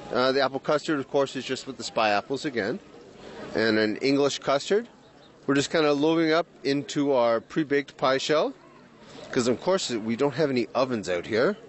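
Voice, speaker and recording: Cheerful chef, mid-pitched man. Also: expressive, moderate pace. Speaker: executive chef. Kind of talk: cooking demo interview. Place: outdoor community event.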